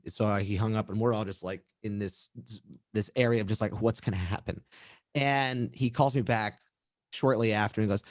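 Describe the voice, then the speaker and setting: A man's voice: mid-range voice, brisk, no room sound. Chatty man telling a studio story. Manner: rambling, animated, full of fillers and restarts. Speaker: musician. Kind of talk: casual storytelling interview.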